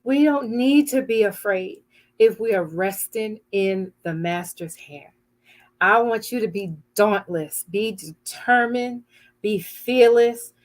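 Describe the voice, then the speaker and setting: A woman's voice: medium pitch, slow. An older woman hosting an inspirational broadcast, giving a heartfelt, earnest devotional talk and sometimes searching for words.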